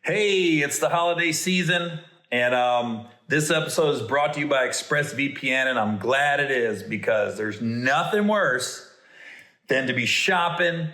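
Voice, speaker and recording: A middle-aged man, a comedian hosting a podcast, telling stories and reading ads in a playful, animated way with stammering restarts. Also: mid-range voice, a little slow. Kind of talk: casual storytelling and ad reads. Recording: roomy echo.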